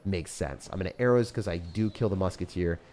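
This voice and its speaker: A man's voice: low-pitched, warm tone, a little hiss or hum. A young man giving live play-by-play commentary on his own game, explaining each move to his viewers. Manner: fast strategic play-by-play, addressing viewers as guys. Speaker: gaming YouTuber.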